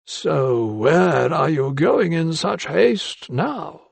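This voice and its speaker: Man putting on a blustering old male doctor, gruff, raised voice, slow drawn-out words, dry sound. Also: a little high, lively intonation, dry recording, pitched above the performer's own voice, heavily acted. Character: elderly male anatomist, gruff, blustering, inquisitorial.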